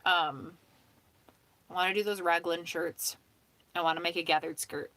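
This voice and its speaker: A woman's voice: on the low side, steady tone, normal speed, bright, forceful tone, no room sound. A woman hosting a casual home stream, chatting in a rambling way, swearing freely and laughing often. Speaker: host of a sewing hangout stream. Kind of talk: casual chat.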